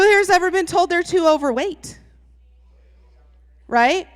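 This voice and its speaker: A woman giving a lively, comedic motivational talk to a live audience, chatty and teasing, laughing often. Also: high-pitched, measured pace, long pauses. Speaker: speaker at a live event. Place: large hall with an audience. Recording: long reverb from a large hall.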